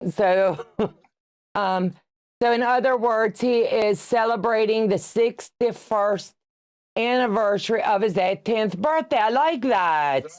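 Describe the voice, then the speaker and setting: Her voice sits on the high side but has a darkish tone, and she takes it slowly; the recording is dry. In her sixties, she hosts a quilting livestream, sewing while she chats casually, teasing viewers, greeting them by name, reading their comments aloud, and laughing often.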